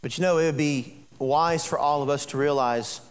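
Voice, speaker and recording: A man preaching a sermon as a pastor, animated and rising toward near-shouting, laughing at his own stories, in a church sanctuary. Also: a little high, normal speed. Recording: long reverb in a large hall.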